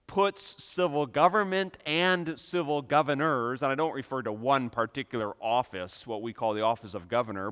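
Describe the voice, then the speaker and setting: A man preaching a sermon with emphatic delivery, building to loud, impassioned peaks. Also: medium pitch, clean tone. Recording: long reverb of a hall.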